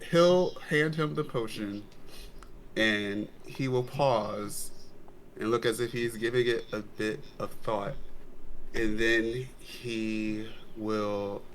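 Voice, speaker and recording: A man's voice: lowish voice, fairly even intonation, slight background noise, rough recording. A man playing a tabletop role-playing game, talking casually and thoughtfully about his character's actions. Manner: slow, thoughtful, with chuckles. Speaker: player.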